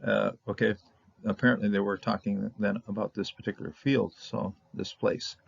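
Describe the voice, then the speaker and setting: A man's voice: fairly low pitch, flat delivery, moderate pace, vocal fry, breathy edge. A man giving a casual, rambling Bible Hebrew lesson, repeating words and chuckling as he explains. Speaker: Hebrew teacher. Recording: dull lo-fi recording.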